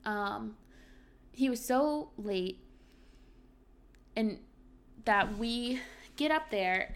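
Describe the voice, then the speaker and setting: Chatty young woman, fairly high voice. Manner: chatty, frequent ums and likes, candid. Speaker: podcast host. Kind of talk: solo podcast, reading journal entries.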